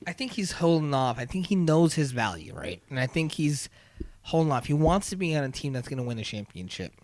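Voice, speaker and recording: A man co-hosting a casual sports podcast, animated and acting out quotes as he talks. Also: a little high, a little fast. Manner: animated, acts out quotes, trails off and restarts. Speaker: podcast co-host.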